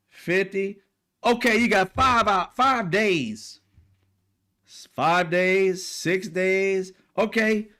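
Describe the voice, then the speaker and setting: A political commentator with a high-pitched, somewhat bright voice launches into a heated ranting monologue. He is profane, blunt and mocking throughout.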